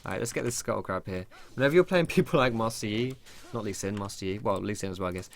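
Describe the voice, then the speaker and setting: Fast-talking young man. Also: fairly low pitch, slight background noise. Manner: chatty, rambling, swears when surprised. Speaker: gameplay commentator. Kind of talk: casual gameplay tutorial commentary.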